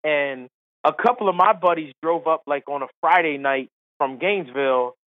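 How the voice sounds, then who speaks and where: A man's voice: fairly high pitch, moderate pace, no echo. A man, a former caddie and comedian, telling stories casually and animatedly, acting out the people he quotes. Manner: animated, mimics people in quotes, laughs often. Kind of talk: casual storytelling. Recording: dry, phone-like line.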